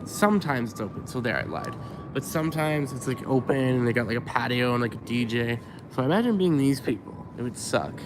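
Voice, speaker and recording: A young male vlogger from Winnipeg, Canada, rambles casually in a walking vlog monologue, full of "likes" and "ums," with a medium-pitched voice. He films on a handheld camera rig while walking outdoors on a city street. Street noise, passing cars, and city traffic fill the background.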